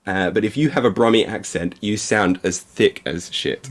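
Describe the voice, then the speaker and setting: Brief: man, low gravelly voice, rambling self-deprecating stream chat. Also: measured pace. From Essex, England. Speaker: livestream co-host. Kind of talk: casual chat while painting.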